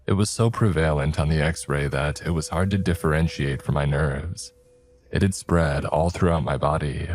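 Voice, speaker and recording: A man narrating a first-person horror story in a measured, low-key way.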